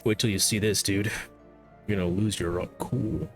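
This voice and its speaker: A man with a lowish voice and fairly even intonation talks at normal speed while streaming a game, with soft music playing behind him. He chats casually, dismisses the in-game dialogue, and trips over his words here and there.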